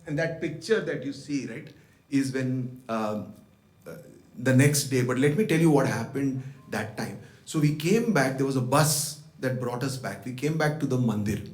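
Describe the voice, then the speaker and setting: A man's voice: mid-range voice, darkish tone, roomy sound. A man giving a devotional talk, reflectively telling personal stories and acting out the dialogue he remembers. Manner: reflective, retells events with quoted dialogue. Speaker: guest speaker at a devotional birthday program. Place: devotional center hall.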